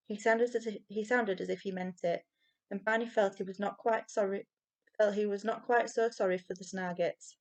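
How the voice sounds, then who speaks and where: A woman reading a children's novel aloud with expressive storytelling. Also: medium pitch, moderate pace. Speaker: reader.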